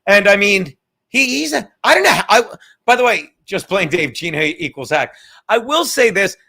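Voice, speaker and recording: High, bright-voiced man rambling on a stream. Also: lively intonation, normal speed, vocal fry. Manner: rambling, profane, joking asides to chat. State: tired. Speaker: live stream host. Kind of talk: casual live stream chat. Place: home room.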